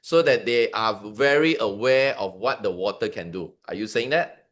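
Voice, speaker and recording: A man's voice: on the low side, normal speed, fairly bright tone. A man hosting an interview, asking long questions and backing the guest with short affirmations. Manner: frequent short affirmations, encouraging. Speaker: interview host.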